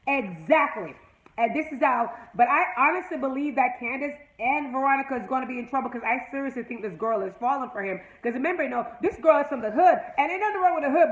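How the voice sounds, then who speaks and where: A woman from Jamaica with a high voice recaps a TV episode in loose, chatty commentary. She talks bluntly and sassily, with profane asides. The room around her rings with echo. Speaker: TV episode reviewer.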